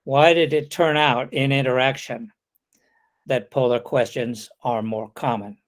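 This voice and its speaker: A man delivering a webinar lecture over a video call, his voice at an ordinary, middle pitch for a man. He explains things patiently and step by step. Now and then he reads an example question aloud, shifting his intonation to show the contrast. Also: fairly even intonation, measured pace. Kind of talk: online lecture.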